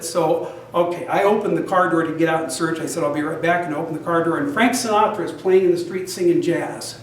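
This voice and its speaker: An older man tells a personal story to a room full of listeners, chatty and quick to laugh at his own tale. His voice sits fairly high for a man. The recording is very echoey and picked up from a distance across the room. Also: a little hiss or hum. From United States. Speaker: guest speaker. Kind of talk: storytelling talk to an audience.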